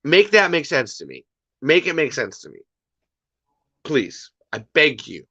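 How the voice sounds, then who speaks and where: A man's voice: a little high, sing-song, a little slow, long pauses, sharp tone, breathy edge, no room sound, highs cut off. A man hosting a casual livestream, ranting in an exasperated, rambling way and repeating himself. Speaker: podcast host.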